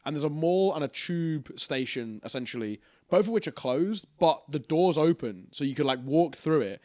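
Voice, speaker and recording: A man's voice: a little high, normal speed, dry recording, clean studio sound. A young man telling a rambling story on a casual podcast, swearing freely. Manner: rambling, animated anecdote with swearing and laughter. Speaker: podcast co-host.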